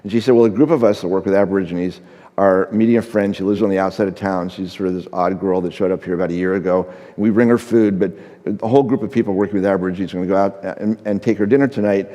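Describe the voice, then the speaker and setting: A man's voice: low voice, steady tone, fast, dark tone, in a large hall. A middle-aged man, a photographer speaking on a conference stage, tells an anecdote and acts out the dialogue, with frequent fillers. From United States. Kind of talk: storytelling talk on stage. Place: large conference stage before an audience.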